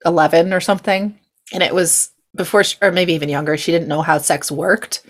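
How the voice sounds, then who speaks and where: A woman's voice: lowish voice, fairly even intonation, a little fast. A young woman from California hosting a podcast, chatting casually and giggling through a rambling story. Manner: chatty and giggly, lots of fillers and asides. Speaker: podcast host. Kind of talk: casual chat.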